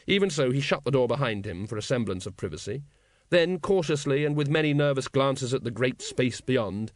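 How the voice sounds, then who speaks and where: A male narrator reading an audiobook in a measured, dry way. His voice sits at a middle pitch, recorded close in a dead-sounding space. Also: dry recording.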